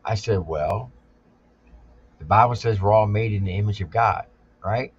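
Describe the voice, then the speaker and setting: A man's voice: fairly low pitch, moderate pace, long pauses, husky, muffled recording. A man hosting a casual reaction chat, blunt and a little profane, laying out his views patiently with questions. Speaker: reaction channel host.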